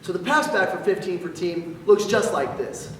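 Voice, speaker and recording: A young man, a yell leader, explaining yells slowly and deliberately, then shouting the counts. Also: high voice, lively intonation, slight background noise. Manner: slow, deliberate explaining between loud counts. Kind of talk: instructional demonstration. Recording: echoey hall, voice from far off.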